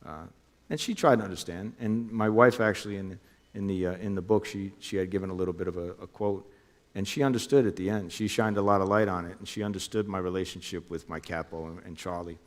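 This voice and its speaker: A deep-voiced middle-aged man from New Jersey, once an undercover officer, tells his story in an interview at a fast, steady clip. He acts out phone calls in quoted voices, and a long reverb tail trails his words.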